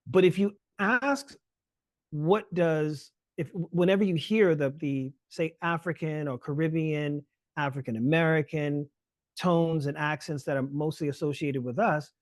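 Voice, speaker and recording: A man lecturing in a webinar over a video call mic, explaining fast with many fillers. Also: fairly high pitch, dry recording. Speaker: guest lecturer.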